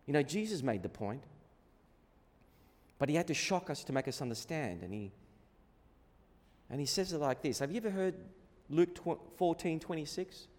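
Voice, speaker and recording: A man with a high voice delivers a sermon in a large hall, and a long reverb trails behind every phrase. He presses hard on his key words, moves between loud and hushed passages, and acts out each line he quotes. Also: animated, moderate pace, long pauses. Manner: emphatic, swings between loud and soft. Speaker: pastor.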